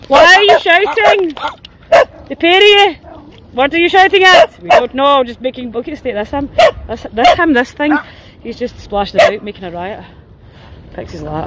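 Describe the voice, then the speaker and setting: Chatty high-voiced woman outdoors. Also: heavy background noise. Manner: chatty, self-mocking, laughs often. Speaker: vlogger walking her dogs. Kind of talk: casual outdoor vlog chat. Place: windy open hillside outdoors.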